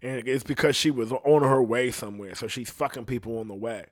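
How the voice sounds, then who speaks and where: A man's voice: mid-range voice, steady tone, a little fast, no room sound, studio quality. A young man telling a crude story in casual chat, profane and rambling, laughing between lines. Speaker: podcast storyteller.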